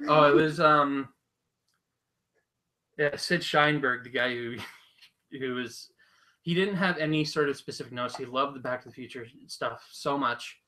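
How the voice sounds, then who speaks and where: A man's voice: mid-range voice, measured pace, long pauses, poor audio. A man co-hosting a casual podcast, telling a story and acting out the quotes with energy. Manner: animated storytelling, acts out quotes. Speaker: podcast co-host. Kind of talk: casual chat. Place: small room, live podcast.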